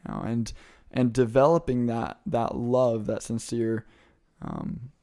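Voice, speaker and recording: A man's voice: medium pitch, steady tone, measured pace, vocal fry, a little mellow. A young man answering interview questions about his missionary service, speaking thoughtfully and searching for words.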